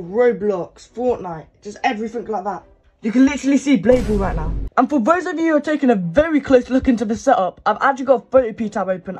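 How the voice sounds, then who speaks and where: Very high-pitched yet a little mellow, the voice belongs to a teenage gaming YouTuber using a desk microphone. He's chatty, showing off his desk gaming setup piece by piece.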